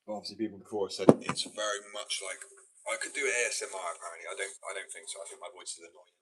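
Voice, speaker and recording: On a casual live stream, a fingerboard streamer talks quickly in a naturally deep voice that turns mumbly when he's relaxed. He rambles, loops back on his point, and swears offhandedly. The built-in mic sounds a little distant and the audio is very noisy.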